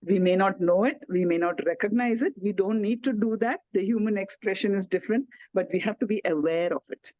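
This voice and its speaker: A woman speaking gently and reassuringly from India over a video call, giving wellness advice to elders. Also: mid-range voice, a little fast, hardly any pauses, dry recording. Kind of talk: online talk to elders. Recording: dull lo-fi video call audio.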